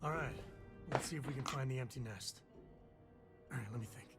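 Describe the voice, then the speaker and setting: An actor playing a male companion in a space game, speaking calmly and plainly. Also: mid-range voice, a little fast, close to an everyday voice. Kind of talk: video game dialogue. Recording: game audio under music.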